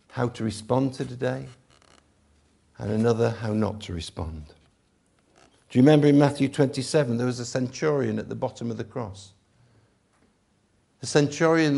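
Gravelly preacher, emphatic. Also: male voice, mid-range voice. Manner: emphatic preaching, swings between loud and hushed. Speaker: pastor. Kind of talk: Easter sermon.

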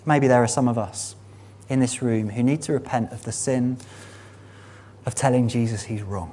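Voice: medium pitch, moderate pace, mellow, slight background noise. A preacher giving a sermon in a church meeting room, earnest and building to emphatic peaks.

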